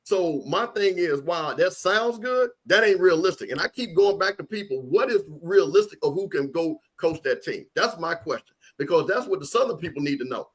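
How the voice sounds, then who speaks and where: A man's voice: a little high, animated, fairly quick, hardly any pauses, slightly rough. A man co-hosting a casual college football talk stream, giving blunt, opinionated takes and repeating points for emphasis. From Louisiana. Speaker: co-host.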